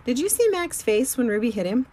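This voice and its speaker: An eager young schoolgirl, as a woman reading an audiobook puts her on, pitched well up above the reader's usual voice. She sounds earnest and bright, quick to plead. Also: sing-song, slight background noise. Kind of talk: audiobook character voice.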